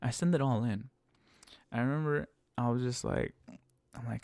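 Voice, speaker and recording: Gravelly man swearing through a driver story. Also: mid-range voice, moderate pace, darkish tone, no room sound. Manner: heavy swearing, emphatic and exasperated. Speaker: rideshare driver telling stories. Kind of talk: casual storytelling monologue.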